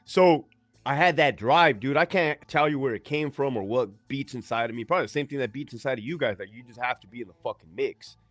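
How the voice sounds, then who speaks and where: A man's voice: mid-range voice, quick pace, fairly bright tone, no echo, faint music behind. A man in his forties from California, telling his story as a guest in a casual, slangy, profane way. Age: 40s. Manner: laid-back, slangy, profane. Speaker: guest, army veteran.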